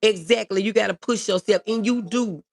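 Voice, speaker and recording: A woman's voice: medium pitch, moderate pace, gravelly. A woman hosting a casual livestream, reading viewer comments aloud and answering them in an earnest, reassuring way, often repeating her key phrases.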